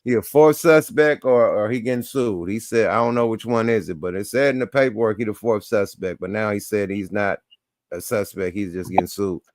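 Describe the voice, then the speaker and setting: A man's voice: on the low side, brisk, darkish tone, no echo, clean studio sound. A man hosting a podcast in casual chat, talking bluntly and emphatically with plenty of profanity. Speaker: podcast host.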